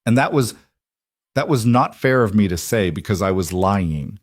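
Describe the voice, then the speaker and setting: A regretful woman gently breaks hard news to a child, as a male narrator voices her. She speaks softly, slowly and apologetically. The voice stays low, and the sound is close and dry with no room around it. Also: lively intonation, no room sound. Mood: remorseful.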